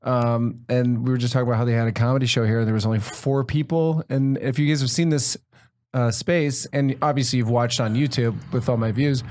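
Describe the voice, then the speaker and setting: A young man hosting a casual comedy podcast from a small studio, joking with profanity and animated energy. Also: mid-range voice, brisk. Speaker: podcast host.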